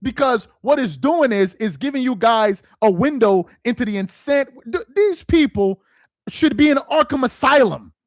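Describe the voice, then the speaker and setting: High, lively man ranting in mockery. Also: moderate pace, no room sound, studio quality. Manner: mocking, exasperated ranting with rhetorical questions; stumbles and repeats words when worked up. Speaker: sports commentator host. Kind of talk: sports rant to camera.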